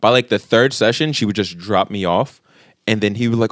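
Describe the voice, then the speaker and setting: A man's voice: on the low side, brisk, dry recording. Guy in his 30s telling a wild story on a podcast, swears a lot, does the voices, dry close sound. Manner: animated, swearing, acts out quotes. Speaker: podcast co-host. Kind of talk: casual storytelling chat.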